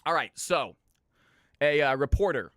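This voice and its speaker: A man's voice: fairly high pitch, lively intonation, a little slow, sharp tone, dry recording, studio quality. A young man streaming, telling jokes in a loose, rambling way. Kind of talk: casual joke-telling on stream.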